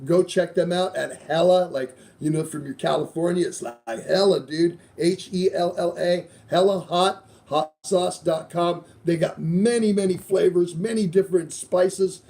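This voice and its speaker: A man's voice: sits high, fairly even intonation, a little slow, creaky, few pauses, mellow. A middle-aged man hosting a casual podcast, rambling loosely through sponsor reads with plenty of swearing. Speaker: show host.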